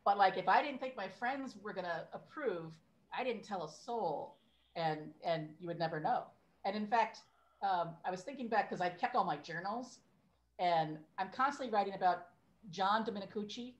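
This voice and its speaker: A woman's voice: medium pitch, lively intonation, moderate pace, highs cut off. Woman in her 50s on a podcast, chatty, laughs at herself a lot. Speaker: podcast guest. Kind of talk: casual chat.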